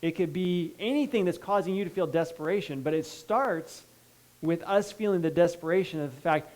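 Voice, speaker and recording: A male pastor preaching a sermon, reading scripture and breaking in with asides, moving between hushed pleading and loud emphasis. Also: a little high, moderate pace, rough recording. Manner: reads scripture then breaks in with asides and checks like "okay?".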